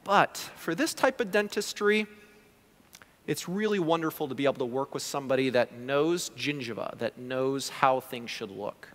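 A man, a prosthodontist, giving a conference lecture in an animated way, often acting out what his patients say. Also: mid-range voice, normal speed. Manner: animated, acts out patient quotes. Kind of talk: conference talk. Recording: reverberant lecture hall.

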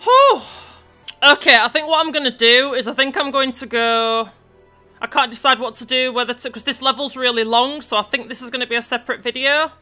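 A woman giving sweary, shouty, frustrated let's-play commentary over her gameplay. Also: high voice, steady tone, a little fast, soft background music.

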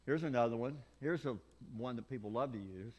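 A male preacher delivering a revival sermon, rising from quiet asides to loud shouted peaks and acting out the people he quotes. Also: a little fast. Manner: animated preaching, swings from low asides to loud shouted climaxes; acts out quoted people in voices. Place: church sanctuary.

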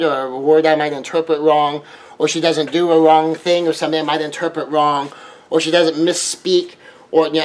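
A middle-aged man, talking through relationship advice in a conversational monologue and now and then acting out quoted exchanges. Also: fairly high pitch. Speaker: relationship teacher. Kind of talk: casual monologue.

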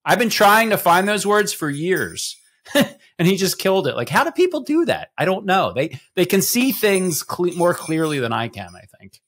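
A man co-hosting a podcast in a casual group chat, animated and rambling, with lots of fillers and self-deprecating asides. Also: high-pitched, normal speed, husky. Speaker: podcast co-host.

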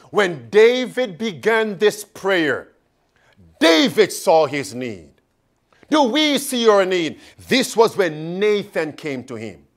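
A man preaching a sermon, calling out questions to the congregation and stretching words for emphasis. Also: high-pitched. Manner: calls and questions to the congregation, drawn-out emphatic phrases.

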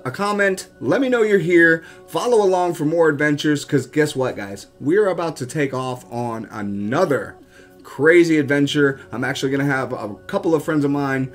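Vlogger dude talking to the camera, kinda high voice, super chatty, always saying guys. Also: male voice. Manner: animated, chatty, keeps addressing viewers as guys. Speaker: vlogger and urban explorer. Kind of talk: casual storytelling to camera.

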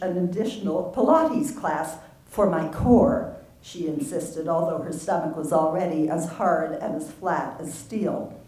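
Woman author reading her novel, low voice, far off in an echoey hall. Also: dark tone.

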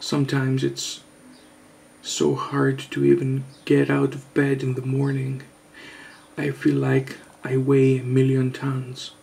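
A man vlogger giving a mock-serious confession, halting and hesitant, earnest and overwrought. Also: medium pitch, monotone, gravelly, darkish tone. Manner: halting, hesitant, with long pauses.

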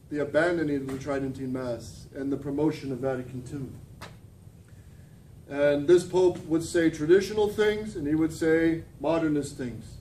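Male priest, fervent sermon, quiet intense drops, higher voice, mellow tone, distant mic with faint rumble. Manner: fervent preaching, dropping to quiet, intense emphasis. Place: church.

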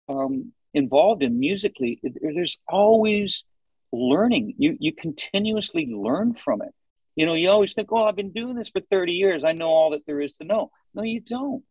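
A man in his sixties chatting in an interview, telling animated stories and acting out what people said. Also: high-pitched, no echo, low-quality recording. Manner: animated storytelling, acts out quoted dialogue. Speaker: singer, interview guest. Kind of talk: casual interview talk.

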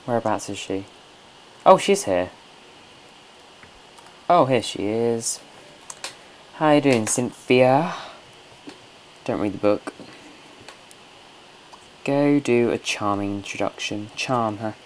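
A man's voice: lowish voice, animated, slow, long pauses, a little hiss or hum. A man hosting a casual gameplay commentary from home, chatty, coaxing and scolding his game characters. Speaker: let's play host.

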